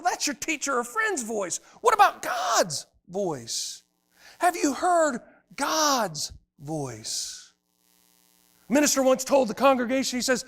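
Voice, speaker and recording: A man preaching a sermon as pastor, swinging from loud emphatic lines to hushed quiet ones. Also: very high voice.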